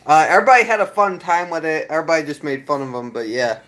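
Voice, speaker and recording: A man's voice: on the high side, expressive, fast, fairly bright tone, rough recording. A man chatting casually with his viewers, rambling with fillers and restarts. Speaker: video creator reading chat. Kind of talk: casual live chat.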